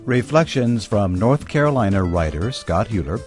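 A man, a radio announcer, introducing and closing a segment in a smooth, lilting presenter delivery. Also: lowish voice, lively intonation, normal speed, a little mellow. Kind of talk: broadcast announcing. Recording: voice over a music bed. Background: music bed.

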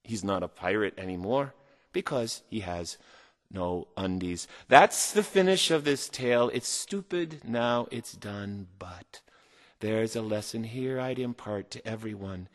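A man's voice: fairly low pitch, animated, unhurried, in a large hall. A man reading a rhyming children's story aloud in a theatrical, sing-song manner.

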